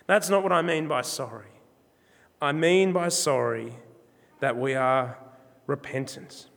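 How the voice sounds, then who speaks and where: A man preaching a sermon in a measured, emphatic way, slowing down on key words. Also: medium pitch, vocal fry, fairly bright tone, big-room sound. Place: church.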